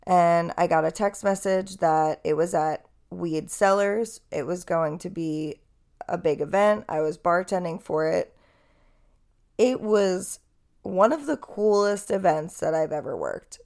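A young woman hosts her podcast in a casual storytelling monologue. Her voice sits a little low and has a gravelly fry to it. She talks in a chatty, candid way and swears casually. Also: unhurried, a little mellow. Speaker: podcast host.

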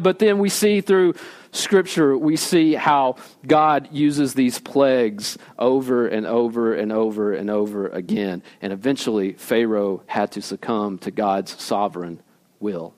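A man pastor preaching a conversational sermon at a church service, animated and casual, often checking in with the audience and sometimes dropping to a quiet low voice for emphasis. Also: unhurried.

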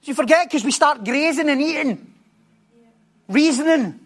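A man preaching a sermon, telling a story with animated repetition and stumbling restarts. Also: very high-pitched, measured pace.

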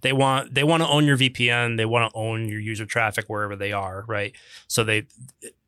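Bright-voiced man explaining tech casually. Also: fairly low pitch, level tone, brisk, clear, resonant tone, no room sound. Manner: explanatory, lots of fillers and restarts, dry jokes. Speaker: podcast co-host. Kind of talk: casual technical discussion.

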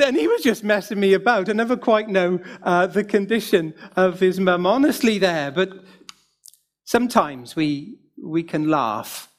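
Preaching in a tender, pastoral manner, a middle-aged man from the United Kingdom, whose voice sits on the high side, adds a small humorous remark.

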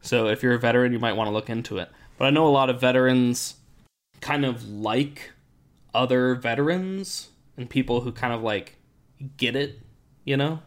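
Man explaining, voice going hoarse. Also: mid-range voice, normal speed. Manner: relaxed, explanatory, many fillers. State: losing his voice. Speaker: podcast host. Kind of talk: casual podcast chat.

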